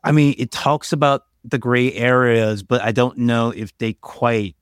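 A man chats on a podcast in a conversational, hedging way, full of fillers and side remarks. His voice sits at a middle pitch and sounds close and dry. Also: fairly even intonation, unhurried, smooth, no room sound. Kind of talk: casual discussion.

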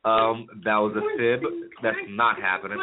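A man's voice: lowish voice, level tone, moderate pace, a crowd in the background. A man hosting a casual podcast, rambling and joking with friends and laughing often. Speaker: podcast host. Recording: phone-like narrow sound.

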